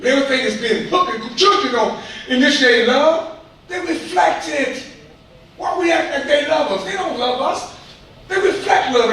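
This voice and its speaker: Heard from a distance in an echoing hall with faint noise, a man addresses a school board in a heated, preachy public comment, repeating himself colloquially. His voice is very high and a bit bright, with lively intonation and a moderate pace.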